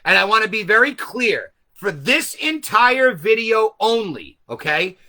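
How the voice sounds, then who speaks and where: Loud, animated man explaining to viewers. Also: sits high. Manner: speaks loudly. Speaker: host. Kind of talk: live stream talk to viewers. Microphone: camera set back from him.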